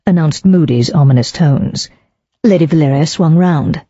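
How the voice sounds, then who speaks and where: An audiobook narrator reading a mystery novel in a measured, even way. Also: medium pitch, dry recording, dull audio. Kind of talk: scripted narration.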